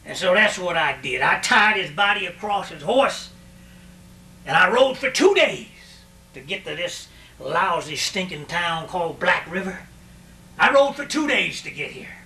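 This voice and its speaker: High-voiced animated man telling a western yarn with lots of repeats, bright tone, echoey distant mic with hum. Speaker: storyteller. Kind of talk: first-person western tale.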